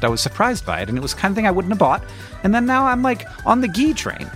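A man's voice: high-pitched, very animated, quick pace, a bit bright, faint music behind. A middle-aged man co-hosting a podcast, chatting casually in a rambling, self-deprecating way and doing the ad reads. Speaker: podcast co-host.

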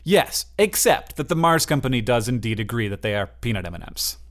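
A man's voice: mid-range voice, sing-song, a little fast. A man co-hosting a podcast in casual chat, explaining his points with many fillers and restarts. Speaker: podcast co-host.

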